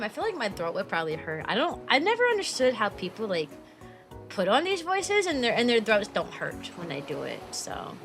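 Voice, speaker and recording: Woman, young adult, VTuber streamer, casual chat, lots of "like", laughs a lot, bright tone, faint music behind. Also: medium pitch, sing-song, brisk. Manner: chatty, heavy use of "like", laughs often.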